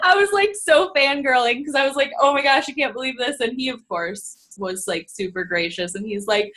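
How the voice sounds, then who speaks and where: Sex: woman. Style: casual chat. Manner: excitable, giggly. Pitch: slightly high. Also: normal speed.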